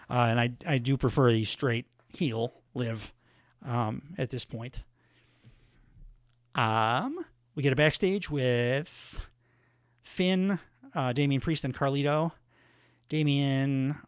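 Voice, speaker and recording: A man's voice: mid-range voice, no room sound. Rambling solo podcast man, dry mic. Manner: rambling, lots of fillers and self-corrections. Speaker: podcast host. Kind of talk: casual solo recap.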